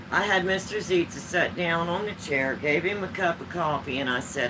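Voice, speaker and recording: A woman's voice: fairly low pitch, moderate pace, hardly any pauses, background noise. A woman vlogger chatting at home, telling homespun stories in a rambling, easygoing way. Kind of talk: casual storytelling chat.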